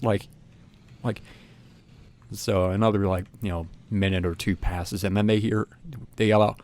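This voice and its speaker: A young man with a low-pitched voice recounts a story in casual, chatty fashion. He rambles, restarts his sentences and leans on fillers as he goes. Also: steady tone, normal speed, a little mellow. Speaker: channel host.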